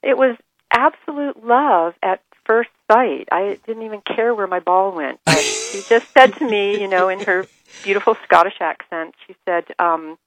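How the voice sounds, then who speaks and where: A woman author telling stories as a radio guest, enthusiastic and animated. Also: mid-range voice, moderate pace, dry recording, soft background music, low-quality recording. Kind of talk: radio interview.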